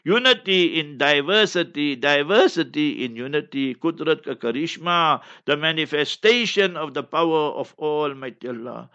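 Male religious teacher, emphatic and stern; slightly high, forceful delivery. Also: animated, moderate pace, few pauses, lo-fi sound. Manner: emphatic, stern, weaves in Arabic recitation. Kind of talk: instructive sermon.

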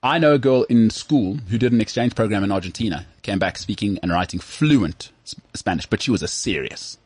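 A South African man co-hosting a podcast in casual, animated chat. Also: on the low side, fairly quick, slightly rough, no echo. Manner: animated, jumps into mock voices. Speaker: podcast co-host.

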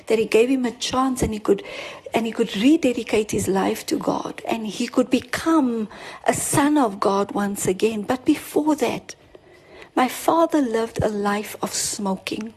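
In a poor-quality recording, a woman delivers a sermon built around personal testimony, speaking unhurriedly in a highish voice with a darkish, slightly rough tone. Earnest throughout, she circles back on her words, restarting and pushing her emphasis upward as she stresses each point.

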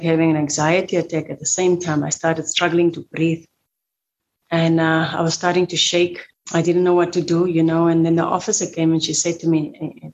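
A middle-aged woman giving a halting, emotional personal account as an interview guest. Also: deep voice, a little mellow, rough recording. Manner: halting, repeats words, spoken fillers. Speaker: survivor guest.

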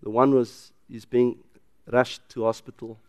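A man with a South African English accent preaching a sermon in church, swinging from loud emphatic declarations to quiet personal storytelling. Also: medium pitch, flat delivery, a little slow, smooth, no room sound. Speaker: pastor.

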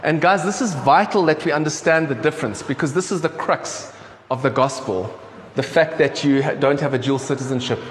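South African pastor preaching in an echoey hall. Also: male voice, a little high, brisk, few pauses. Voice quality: conversational, frequent ums and restarts. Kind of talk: sermon. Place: church hall. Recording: echoey church hall with faint room noise.

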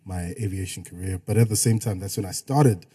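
A man's voice: low-pitched, fairly quick, mellow, husky. A man who works as a radio DJ and voice-over artist, chatting as a podcast guest in a laid-back way with frequent laughs. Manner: laid-back, laughs often, speaks in restarts. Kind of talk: casual podcast chat.

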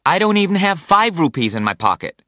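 A man voicing an earnest young male sailor in an audiobook, his tone pleading and excitable. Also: lowish voice, a little fast, no echo, studio quality. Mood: dismayed. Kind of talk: audiobook character voice.

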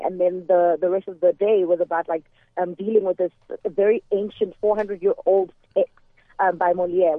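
A woman's voice: mid-range voice, no echo. A woman from South Africa, a guest actress, talking enthusiastically and articulately about her work in a phone interview. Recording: tinny phone line.

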